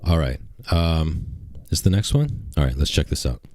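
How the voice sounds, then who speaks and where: A man streaming live, chatting brashly and excitably to his viewers and reading out gifts. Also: extremely low pitch, normal speed. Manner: brash, excitable, talks to chat. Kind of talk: casual livestream chat.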